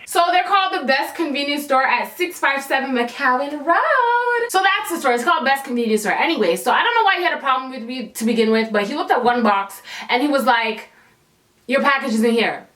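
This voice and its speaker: A young woman, telling a sassy, animated storytime for her vlog. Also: high-pitched, a little fast. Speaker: vlogger. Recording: echoey room.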